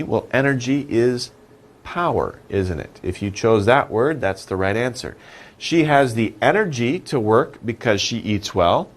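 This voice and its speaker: A male English teacher talks through a lesson at an unhurried pace. His pitch moves a lot as he stresses key words. He asks questions and then answers them himself, patient and repetitive. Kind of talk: slow, animated vocabulary lesson.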